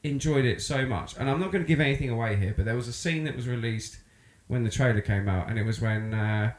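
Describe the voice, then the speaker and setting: A man co-hosting a podcast, rambling in casual chat and slipping into loud impressions. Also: medium pitch, quick pace, reverberant. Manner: rambling, animated, breaks into shouted impressions. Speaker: podcast co-host.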